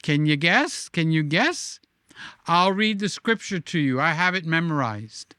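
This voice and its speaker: A man's voice: a little high, big pitch swings, pushed and bright, clear, resonant tone, no room sound, studio quality. A man hosting a casual live-stream, reading viewer comments aloud and teasing them in a playful, sing-song way. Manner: sing-song, drawn-out emphasis.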